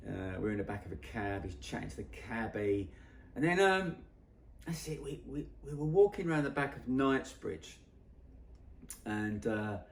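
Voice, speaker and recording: A man's voice: mid-range voice, animated, normal speed, gravelly. Rambling man telling a story. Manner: rambling, self-correcting. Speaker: photographer. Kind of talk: storytelling anecdote. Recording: roomy echo.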